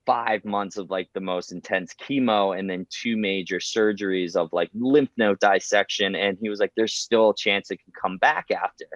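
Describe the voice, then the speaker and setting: A man's voice: on the low side, normal speed, few pauses, no echo. A young man, a podcast guest, telling his story candidly and animatedly, acting out what others said and filling his talk with "like". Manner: animated, acts out quoted voices, lots of "like". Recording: dry, slightly dull podcast audio.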